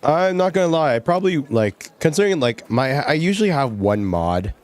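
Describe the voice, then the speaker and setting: A man's voice: on the high side, very animated, brisk. A young man streaming a game, chatting casually, joking and laughing, saying like a lot. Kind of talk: casual gameplay commentary.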